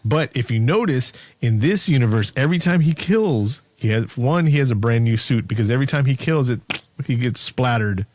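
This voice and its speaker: A man's voice: medium pitch, expressive, fairly quick, a little mellow, no room sound. Easygoing man recapping a movie. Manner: rambling storyteller, jokey asides. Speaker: podcast co-host. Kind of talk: casual movie recap chat.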